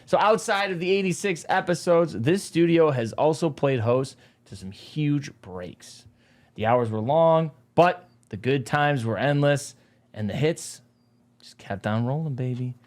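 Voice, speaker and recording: A man's voice: fairly high pitch, animated, unhurried. A man hosting a talk show in a studio, chatting casually in an upbeat, hype-man manner. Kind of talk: casual chat.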